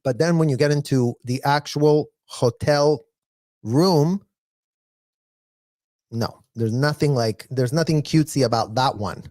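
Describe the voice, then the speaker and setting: A man giving casual, blunt reaction commentary, animated and mocking, with mild profanity. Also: mid-range voice, unhurried, long pauses, no room sound, clean studio sound. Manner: animated, mocking, mimics others in exaggerated voices. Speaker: live reaction streamer.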